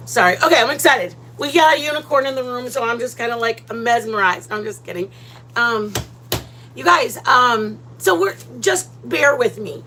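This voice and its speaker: A woman hosting a casual cooking livestream from her home kitchen, chatty and playful, greeting viewers by name with loud excited bursts. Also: high-pitched, normal speed, slight background noise, poor audio.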